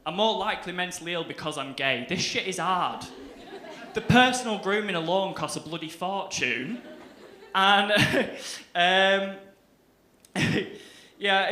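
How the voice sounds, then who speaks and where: With a voice that sits high and sounds sharp, a young Northern English comic works a club stage in a chatty, self-mocking style. He breaks into laughter and acts out quotes, and the audio is roomy with a faint hiss.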